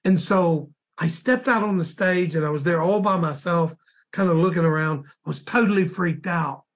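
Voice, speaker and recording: Husky-voiced preacher telling a story slowly. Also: male voice, high-pitched. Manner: slow and halting, repeating words as he goes. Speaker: minister. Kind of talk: sermon storytelling, recounting a dream.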